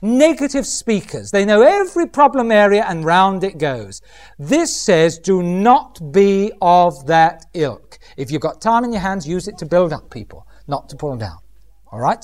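Lively male preacher. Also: high voice. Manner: lively, humorous, mimics voices. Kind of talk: sermon.

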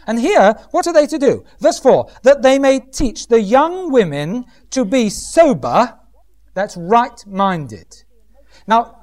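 A man's voice: high-pitched, darkish tone. A middle-aged man preaching a humorous sermon, often mimicking other voices.

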